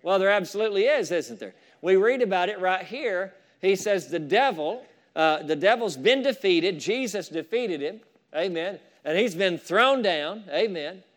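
A man with a high voice preaches a fervent sermon. He talks straight to the congregation, and his praise rises into loud calls. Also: expressive, normal speed. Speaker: pastor.

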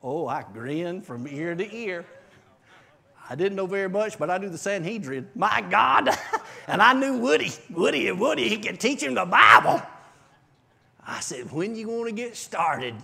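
Man, church testimony, high voice, animated storytelling. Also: normal speed, vocal fry, slightly rough. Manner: animated storytelling, bursts of shouting and laughter. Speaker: preacher giving testimony. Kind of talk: preaching testimony to a congregation. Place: church service.

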